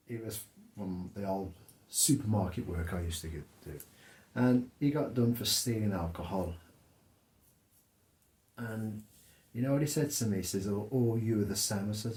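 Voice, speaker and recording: A middle-aged man chatting as co-host, telling stories in an animated way. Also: fairly low pitch, measured pace, pauses often, echoey room. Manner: storytelling, animated. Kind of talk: casual chat.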